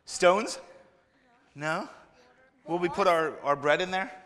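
A man's voice: high-pitched, slow pace, bright, forceful tone. A man giving a children's sermon in a church, playfully asking the children many questions. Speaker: children's minister. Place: church sanctuary. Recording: reverberant church hall.

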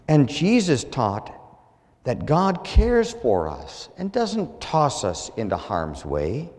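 A man preaching a sermon as pastor, measured and earnest, his phrases falling at the ends. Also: mid-range voice, wildly swooping pitch, darkish tone, in a large hall.

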